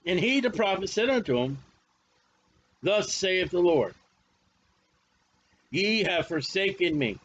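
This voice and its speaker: A man's voice: sits high, animated, slow pace, long pauses, a bit bright, lo-fi sound, a little hiss or hum. A male preacher teaching a Bible study sermon in a folksy, emphatic way, often repeating his phrases.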